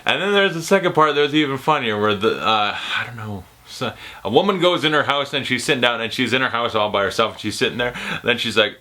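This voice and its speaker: A man's voice: medium pitch, animated, fast, bright, forceful tone. A young man ranting through a casual movie review, profane and sarcastic, laughing often.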